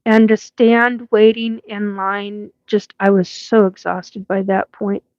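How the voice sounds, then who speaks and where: A woman's voice: medium pitch, level tone, takes it slowly, a little mellow, dry recording, highs cut off. A woman in her fifties from Washington State with a West Coast accent, hosting a casual live chat, rambling with many fillers and frequent laughs. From Washington State, USA. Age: 50s. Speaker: livestream host.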